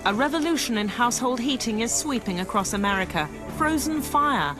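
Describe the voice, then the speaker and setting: Deadpan female newsreader over clear music. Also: mid-range voice. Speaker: news presenter. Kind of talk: deadpan satirical news reading.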